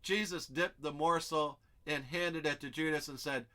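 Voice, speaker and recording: A man's voice: fairly high pitch, fairly even intonation, moderate pace, sharp tone. A man teaching an expository Bible study, explaining step by step and thinking aloud as he works through the text.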